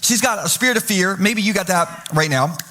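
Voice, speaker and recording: A man's voice: sits high, brisk, sharp tone. A man preaching as pastor, telling funny stories and acting out the quoted voices with lots of animation. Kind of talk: humorous sermon storytelling. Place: church stage.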